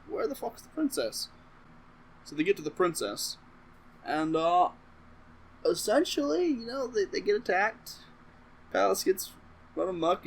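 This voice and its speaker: A man's voice: a little high, a little hiss or hum, low-quality recording. A man casually rambling through a comedic movie recap to camera, swearing freely and interrupting himself with asides. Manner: profane, offhand and rambling, with self-interrupting asides. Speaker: comedic vlogger.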